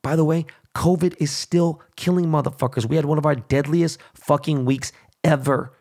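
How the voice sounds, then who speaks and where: A man's voice: fairly high pitch, fairly even intonation, normal speed, a little mellow. Angry, foul-mouthed male ranter. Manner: angry, crude, heavy swearing. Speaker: show host. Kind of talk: profane political rant.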